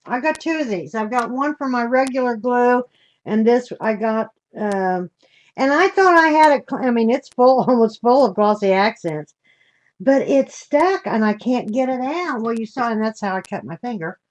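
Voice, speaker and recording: A woman's voice: a little high, expressive, moderate pace. An older woman hosting a live craft demonstration, chatting in a homey way and greeting viewers with endearments. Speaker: craft show host.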